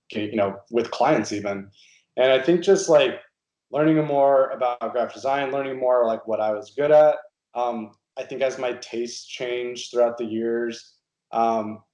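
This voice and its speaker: A man's voice: medium pitch, a little mellow. A man from Nebraska, a guest designer, answering interview questions in a thoughtful, hesitant way with many fillers. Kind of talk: casual interview. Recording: roomy echo.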